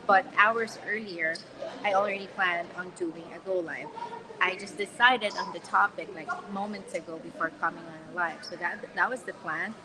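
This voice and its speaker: A Filipina confidence coach in her forties speaks to followers on a phone live-stream from a tripod in a shopping mall. Her medium-pitched voice is casual and upbeat, chatty with frequent laughs and fillers, while a crowd of shoppers fills the background of the rough recording.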